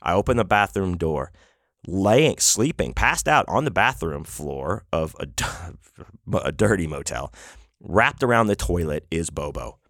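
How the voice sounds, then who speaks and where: Low-voiced man telling a rambling story. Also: very animated, measured pace, fairly bright tone, no room sound, studio quality. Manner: rambling, profane, lots of fillers and restarts. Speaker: podcast host. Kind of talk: casual storytelling.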